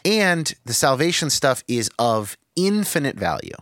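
A man's voice: medium pitch, sing-song, measured pace, fairly bright tone, no room sound, clean studio sound. Frank, reflective male podcast host. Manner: reflective, frank, swears freely, thinks aloud with restarts. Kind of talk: candid podcast conversation.

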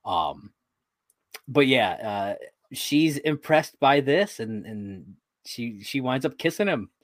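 A podcast co-host rambles casually about a sitcom episode, laughing often and swearing now and then. His mid-range voice takes it slowly with big pitch swings, in a dry, clean studio recording.

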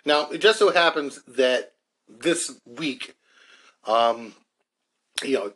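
A man at an ordinary middle pitch explains a court case, reading out legal documents between his own remarks. He often restarts his sentences and fills pauses with short sounds. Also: expressive, a bit bright, husky. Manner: reads from court documents with frequent restarts and fillers. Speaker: podcast host.

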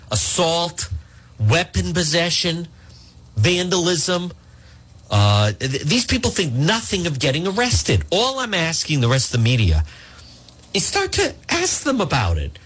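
A male talk radio host with a husky, somewhat raised voice. He rants with indignation, and his pitch swings widely as he leans into his points. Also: very animated, measured pace, fairly bright tone. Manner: indignant, ranting, reads live ads.

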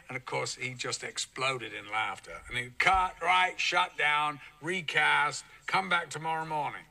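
An older man telling a film-set story, animated and mimicking the people he quotes. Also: on the high side, unhurried, gravelly, few pauses, far from the mic. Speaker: actor telling an anecdote. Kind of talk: storytelling interview clip.

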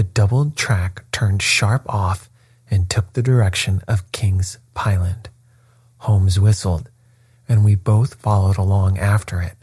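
A man narrating a first-person story aloud in a measured, unhurried reading. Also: low-pitched, fairly even intonation, a little mellow, slightly rough, no room sound, clean studio sound. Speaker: audiobook narrator.

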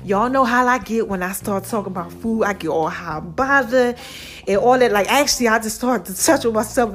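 A woman hosting a casual solo talk show, playful with a drawn-out sing-song delivery, a little out of breath. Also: medium pitch, faint music behind. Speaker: show host.

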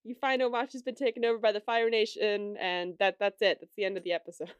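A woman's voice: mid-range voice, level tone, fast, clean tone, no room sound. A woman co-hosting a podcast, chatting loosely through an episode recap with lots of fillers and giggles. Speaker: podcast co-host. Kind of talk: casual episode recap chat.

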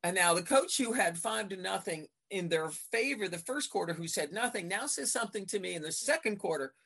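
A woman in her fifties, a veteran basketball referee, chatting in an interview and acting out her exchanges with coaches in lively retellings. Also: medium pitch, a little fast, creaky, hardly any pauses, husky. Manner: animated storyteller acting out court exchanges. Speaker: basketball referee, podcast guest. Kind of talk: casual interview chat.

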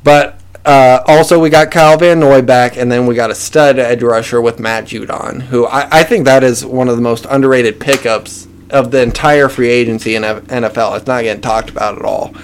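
A man's voice: mid-range voice, steady tone, a little fast, hardly any pauses, clear, resonant tone. A man hosting a casual sports chat, running through lists of names and teasing his co-hosts. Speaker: podcast host.

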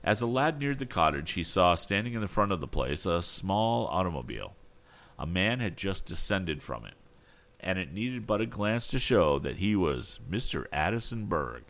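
Deep-voiced male audiobook narrator. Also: sing-song, normal speed, a bit bright. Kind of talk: scripted narration.

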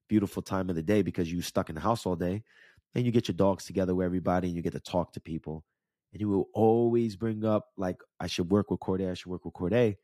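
Ny area guy in his 30s telling his story straight, kinda low voice, dead dry mic. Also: mellow, no room sound. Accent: New York area. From New York / New Jersey area. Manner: conversational, candid, checks in with "right?". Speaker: podcast host and life coach. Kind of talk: casual storytelling monologue.

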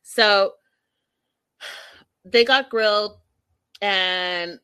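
A woman talks straight to her viewers, recapping a reality show with blunt, exasperated commentary and plenty of swearing. Her voice is bright and forceful, with a close, dry sound and no room echo. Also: medium pitch, drawn-out words, smooth. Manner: acts out quoted people with sudden loud bursts. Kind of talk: casual recap chat to viewers.

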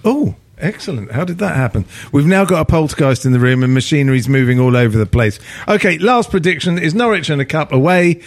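A man hosting a football podcast, relaxed and teasing as he steers the chat. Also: on the high side, brisk, hardly any pauses, a little hiss or hum. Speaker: podcast host.

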